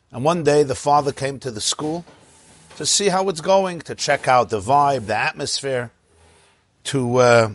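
Unhurried man teaching a Torah class. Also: mid-range voice, no echo. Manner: unhurried, with pauses and fillers. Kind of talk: storytelling lecture.

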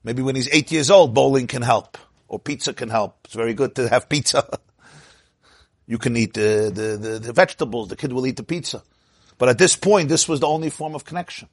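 A man teaching a lively Torah class, asking his listeners questions and acting out the people in his stories. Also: medium pitch, brisk, no room sound, studio quality. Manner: animated, asks the audience "huh?" and acts out quotes. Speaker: rabbi.

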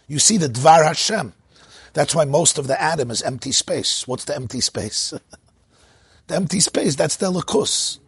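A man with a very husky, rough voice gives an informal Torah talk, chatty and laughing as he explains, dropping Hebrew and Yiddish words. The recording is dry and close, with no room sound. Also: a little high, dry recording. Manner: lively storytelling, laughs often, sprinkles Hebrew and Yiddish terms. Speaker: rabbi teaching.

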